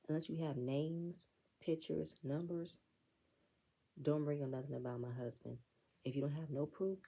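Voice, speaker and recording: A woman's voice: deep voice, normal speed, vocal fry, warm tone, breathy edge, poor audio. A woman giving a blunt, profane, sassy recap of a reality show episode, talking straight at the cast members. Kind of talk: casual recap commentary.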